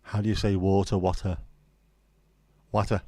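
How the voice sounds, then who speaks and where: A man's voice: lowish voice, steady tone, brisk, a little mellow, dry recording. A man hosting a casual livestream chat, chatty and sweary with self-deprecating humour. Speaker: livestream host.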